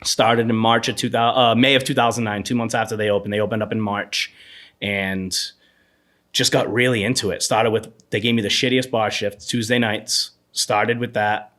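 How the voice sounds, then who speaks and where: Guesting on a podcast in a relaxed interview, a thirty-something man spins animated, meandering anecdotes about his time as a bartender. His voice is lowish and his speed normal.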